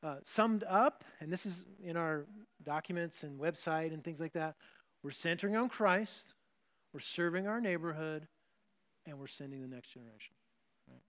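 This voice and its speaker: Higher-voiced man preaching casually. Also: animated, moderate pace, a bit bright. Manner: conversational, with frequent restarts and asides. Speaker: pastor. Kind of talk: sermon.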